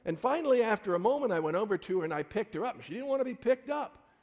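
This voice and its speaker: A man's voice: high voice, lively intonation, quick pace, long reverb tail. A man preaching a sermon as a pastor, telling personal stories in short, punchy phrases.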